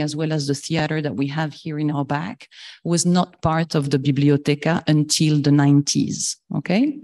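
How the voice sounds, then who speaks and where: Low-voiced woman with a French accent. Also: a little mellow. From France. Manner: careful, friendly, with many ums and restarts. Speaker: fundraising chair of a library. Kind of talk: prepared talk to a club meeting.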